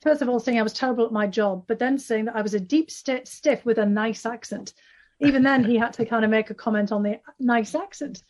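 Speaking with a Northeast England accent, a woman author answers interview questions at length, often restarting and filling pauses. She talks a little fast in a fairly high voice with a darkish tone.

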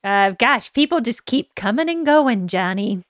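A woman's voice: on the high side, expressive, a little slow, no echo, clean studio sound. A woman playing a tabletop role-playing game, describing her character's actions in a playful way with frequent laughter. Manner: giggly, playful, laughs often. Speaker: player. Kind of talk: casual tabletop play.

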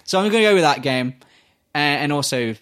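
A British man co-hosting a podcast in casual chat, swearing freely and telling animated stories with acted-out voices. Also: on the high side, a little fast. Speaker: podcast co-host.

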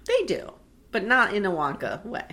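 A woman co-hosting a casual chat, retelling a movie with lively acted-out voices and frequent swearing. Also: medium pitch, moderate pace. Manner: animated storyteller acting out movie scenes, swears freely. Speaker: podcast co-host.

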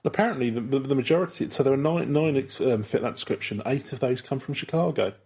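A man's voice: medium pitch, quick pace, darkish tone, husky. A British man co-hosting a casual podcast chat, rambling and chuckling as he tells ghost stories. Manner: rambling, many restarts and chuckles. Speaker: podcast co-host.

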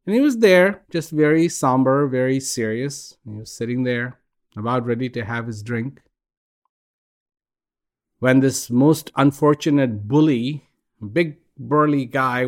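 A man giving a calm, reflective talk, gently telling a joke and repeating phrases as he goes. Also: mid-range voice.

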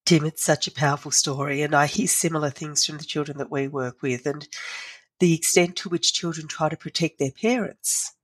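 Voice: medium pitch, steady tone, normal speed, no echo. A podcast host and researcher leading a conversational interview, engaged and inviting guests to share their thoughts.

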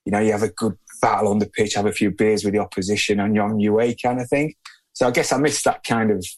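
A man with a fairly low voice answers questions as a podcast guest. He speaks in a relaxed, unhurried way and hedges his points as he goes. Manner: relaxed, plain-spoken, hedging with "I guess". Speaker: podcast guest, former footballer. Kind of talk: casual interview answers.

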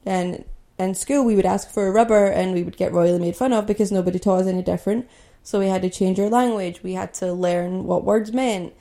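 A woman's voice: mid-range voice, steady tone, fairly quick, gravelly, dark tone. A young woman from Scotland hosting a podcast, telling a personal story in a candid, conversational way with lots of "like" and "you know". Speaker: podcast host.

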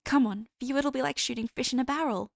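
Woman putting on a bubbly college girl, high and loud, playful, sing-song, dry audiobook sound. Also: fast talker, gravelly, dry recording. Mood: teasing.

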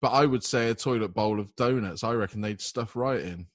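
A man's voice: lowish voice, a little fast, no echo. Wry British man, dry radio banter. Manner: relaxed, wry, joking asides. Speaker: radio co-host.

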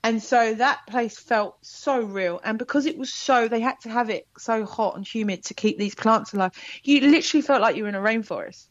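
A woman's voice: fairly high pitch, brisk, dry recording. Chatty woman guest, slightly muffled. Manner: chatty, animated storytelling with laughs. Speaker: actor guest. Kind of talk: casual interview chat.

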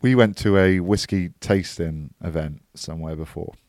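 A man's voice: deep voice, moderate pace, darkish tone, no room sound, clean studio sound. A man co-hosting a casual podcast, telling stories and chatting with his friend. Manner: chatty, laughs at own stories, acts out mates' voices. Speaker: podcast co-host.

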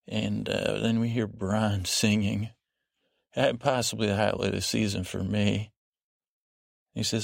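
A man's voice: lowish voice, little pitch movement, moderate pace, creaky, no echo, clean studio sound. A man hosting a sleep podcast, recapping an episode in a meandering, tangential way.

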